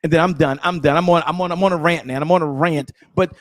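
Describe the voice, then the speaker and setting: A middle-aged man giving an energetic, emphatic motivational talk on sales as a guest speaker, repeating his key phrases. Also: sits high, a little fast, vocal fry, dry recording, clean studio sound.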